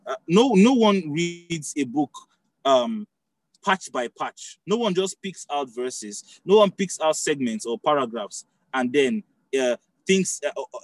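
Husky-voiced man teaching a sermon. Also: on the high side, no room sound, poor audio. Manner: conversational teaching with frequent restarts and checks on listeners. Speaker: preacher.

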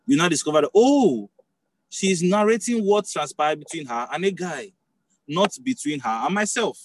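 A man's voice: on the high side, lively intonation, moderate pace, slight background noise, rough recording. A man preaching a sermon in a conversational teaching style, often restarting phrases and checking that listeners follow.

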